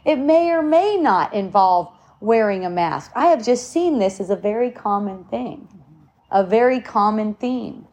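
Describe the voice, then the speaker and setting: A woman's voice: medium pitch, expressive, a little slow, darkish tone. A woman giving earnest spiritual advice in casual talk, swearing now and then.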